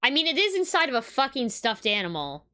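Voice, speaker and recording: A woman's voice: high-pitched, sing-song, fairly quick, noisy background. A woman streamer commenting live on a game, sarcastic and swearing, often laughing. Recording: loud game music behind.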